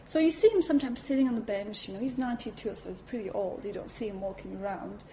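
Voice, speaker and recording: A woman giving a talk at a Buddhist centre, telling a personal story in a lively way, acting out her reactions and saying "you know" often. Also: medium pitch, quick pace, slight background noise, rough recording.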